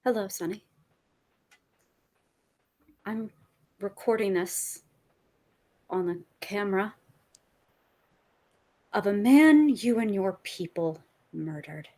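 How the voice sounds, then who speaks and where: Woman at a tabletop game, slow and hushed, whispers some words, menacing. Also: medium pitch. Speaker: player. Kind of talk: in-character villain message, then table chat.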